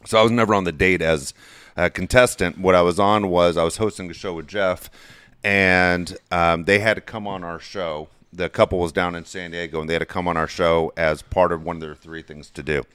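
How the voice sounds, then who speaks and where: A middle-aged man co-hosting a casual father-son podcast, telling stories in an animated way, his voice jumping high when he gets excited. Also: fairly quick, clean tone, dry recording. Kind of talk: casual storytelling chat.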